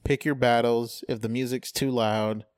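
A man's voice: medium pitch, fairly even intonation, normal speed, darkish tone, clear, resonant tone, no echo, clean studio sound. A man co-hosting a casual podcast chat, joking around and acting out what other people said. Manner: joking, acts out quotes. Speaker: podcast co-host.

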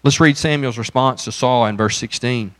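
A man's voice: mid-range voice, normal speed, fairly bright tone, dry recording. A man teaching through a Bible passage, reading scripture aloud and then explaining it in a conversational way, with frequent rhetorical questions. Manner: paraphrases Samuel with rising intensity.

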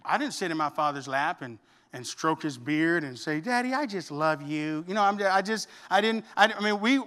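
A middle-aged man, preaching a sermon with emphatic swings between loud declarations and quiet asides. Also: sits high. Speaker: pastor.

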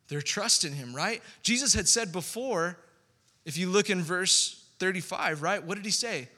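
A man preaching a sermon as pastor, in a conversational, animated way with asides to the congregation. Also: sits high, long reverb tail.

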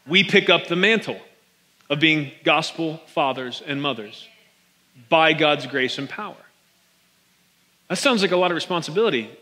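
A man's voice: on the high side, animated, moderate pace, long pauses, pushed and bright. A man pastor giving a casual, joking sermon, talking straight to his congregation from a stage microphone. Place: large church hall. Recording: long reverb of a large hall.

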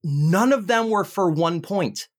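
Lively, teasing game show host, man. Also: high-pitched, husky. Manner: animated, teasing, rapid bursts of scorekeeping. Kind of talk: hosting a word game podcast.

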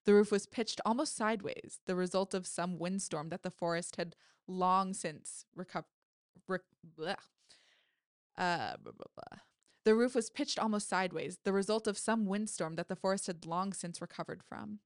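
A woman author reads her own horror story aloud. She is lively and now and then corrects herself with a laugh. Her voice sits at an ordinary pitch and is recorded close and dry, with no room sound. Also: normal speed, no room sound.

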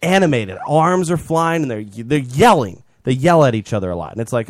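A man's voice: a little high, sing-song, normal speed, dry recording. Rambling young man telling a story. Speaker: podcast co-host. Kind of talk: casual chat.

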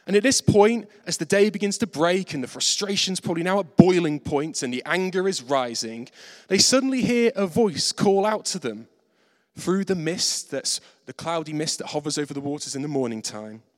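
A man preaching a sermon, animated and self-mocking, acting out the voices in his stories. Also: on the high side, normal speed. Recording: reverberant hall.

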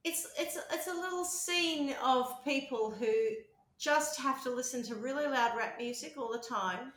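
Bright-voiced chatty woman, roomy room. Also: sits high, unhurried. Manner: chatty, swearing, rambling storytelling. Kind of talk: casual chat. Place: apartment. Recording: roomy echo.

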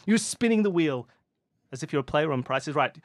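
A man hosting as game master, narrating a game and joking with the players in an animated way. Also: on the high side, a little hiss or hum. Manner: animated, jokey, narrates in a slow measured tone. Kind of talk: running a game, casual chat.

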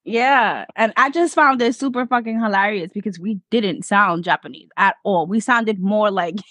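A woman's voice: medium pitch, moderate pace, fairly bright tone, no room sound. A young woman from Spanish Harlem, New York, co-hosting a podcast in laid-back, profane, giggly chatter. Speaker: podcast co-host. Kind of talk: casual podcast chat.

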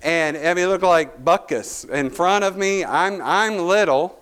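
A man's voice: high-pitched, a little slow, a bit bright, clear, resonant tone. A male pastor, preaching a sermon through a folksy personal story full of restarts.

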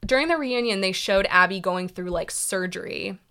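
A young woman with a bright, forward voice talks casually on a podcast. She recaps a show in an animated, chatty way and fills her sentences with "like" and "you know". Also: mid-range voice, moderate pace. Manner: chatty, lots of fillers, animated retelling. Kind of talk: casual chat about reality TV.

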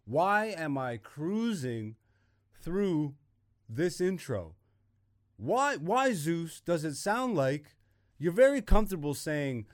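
A man hosting his own podcast, ranting with exasperation and plenty of profanity. His voice sits a bit high for a man and keeps jumping into loud bursts. The recording is dry and close, with no room sound. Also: big pitch swings, slow, no echo. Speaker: podcast host. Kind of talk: ranting casual monologue.

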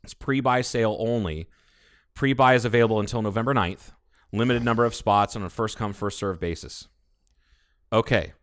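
On a casual podcast, a male co-host rambles enthusiastically about baking, swearing freely as he goes. His voice is on the low side at normal speed.

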